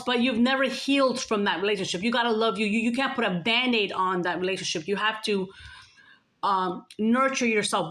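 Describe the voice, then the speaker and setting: A woman vlogger speaks straight to her viewers in a chatty, earnest way. She repeats herself often and slips into little acted-out bits of dialogue. Her pitch sits at an ordinary middle level. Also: fairly bright tone. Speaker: spiritual vlogger. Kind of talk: casual spiritual talk to viewers.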